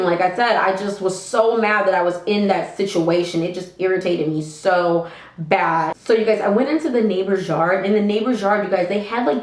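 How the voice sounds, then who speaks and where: Young woman vlogger, casual storytime delivery, expressive and profane, echoey room. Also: mid-range voice. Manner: animated, expressive, swears freely, addresses viewers directly. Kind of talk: storytime vlog, casual retelling. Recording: roomy echo.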